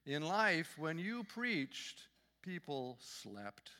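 A calm, matter-of-fact Saint Peter at heaven's gate, voiced by a man telling a joke in a sermon. He speaks in a lifted, bright voice, and a long church reverb trails behind it. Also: a little high, drawn-out words, voice pushed up, exaggerated voice.

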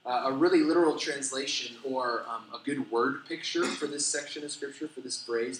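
Animated pastor in an echoey hall. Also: male voice, medium pitch, normal speed, hardly any pauses, a little hiss or hum. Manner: animated storytelling with self-deprecating humor. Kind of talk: sermon. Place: church sanctuary.

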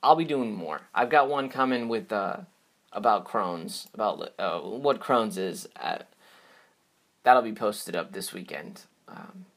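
A man's voice: lowish voice, gravelly, a bit bright. A man hosting his own podcast, talking alone in a casual, upbeat and rambling way, full of fillers and restarts. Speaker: podcast host. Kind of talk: casual solo podcast outro.

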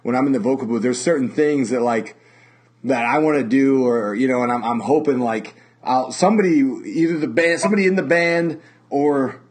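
A man's voice: mid-range voice, normal speed. Male podcast host and metal singer, swears a lot, circles back and restarts his sentences. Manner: rambling, profane, many fillers and restarts. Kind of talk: casual conversation. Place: lives in Las Vegas.

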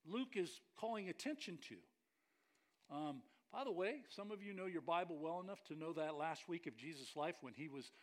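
A male pastor delivers a lively sermon in a high, bright register. His pitch leaps and swoops as he builds emphasis. He jokes with the congregation between points. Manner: animated, joking with the congregation.

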